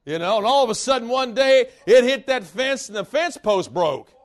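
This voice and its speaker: A man preaching a sermon with a notably high voice for a man. He tells folksy stories in an animated, laughing way, and his voice swings between loud outbursts and quiet asides. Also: normal speed.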